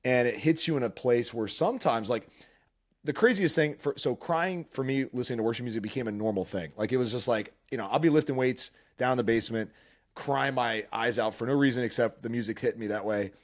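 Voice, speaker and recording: A man's voice: medium pitch, brisk. A man hosting a podcast, telling personal stories in casual chat, earnest and emotional with lots of restarts. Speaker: podcast host.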